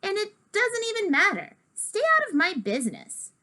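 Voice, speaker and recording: A woman's voice: very high voice, wildly swooping pitch, normal speed, bright, forceful tone, voice pushed up, exaggerated voice. A woman reader voicing a bossy, teasing older sister who lectures the younger one.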